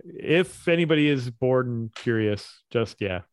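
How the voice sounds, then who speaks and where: A man's voice: mid-range voice, animated, measured pace, dry recording. A man co-hosting a casual chat, rambling animatedly and quoting scenes. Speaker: podcast co-host.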